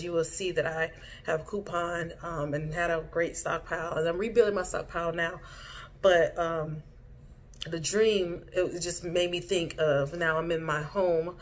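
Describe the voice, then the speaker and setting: A woman's voice: on the low side, slight background noise. A woman vlogger casually recounting a dream in a rambling way, full of fillers and restarts. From Haiti. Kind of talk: casual storytelling vlog.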